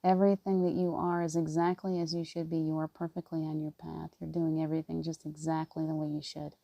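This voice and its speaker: A woman giving gentle spiritual encouragement in casual live talk, rambling with restarts and often near tears. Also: deep voice, level tone, brisk, creaky, dry recording. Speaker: spiritual reader.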